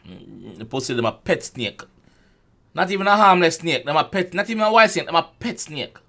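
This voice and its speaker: A Jamaican man hosting a casual music reaction, excitable, often repeating words and restarting. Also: on the high side, a little fast, creaky, a little hiss or hum.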